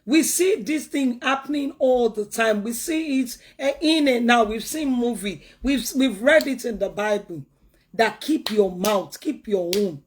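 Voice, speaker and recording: A woman's voice: on the high side, measured pace, slightly rough. A woman speaks in earnest talk-show commentary. She pleads and preaches, leaning on repeated words to drive each point home. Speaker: commentator giving advice.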